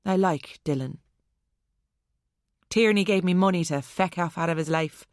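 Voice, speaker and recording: A woman voicing an unhinged young woman who talks about murder with a mocking calm. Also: on the low side, a little slow, no echo, clean studio sound, natural voice. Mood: bitter confession. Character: unhinged young Irish woman, cold and menacing.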